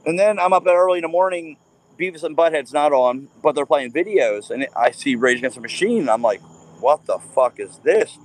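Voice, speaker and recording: A man in his forties, a guest on a casual talk show, telling profane, animated stories. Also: a little high, fairly quick. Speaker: podcast guest. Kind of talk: casual chat.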